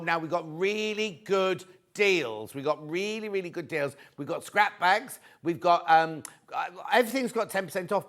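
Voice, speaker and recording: A man presenting a live TV shopping show, chatty and excitable, reading out prices and viewer messages. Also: sits high. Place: TV studio.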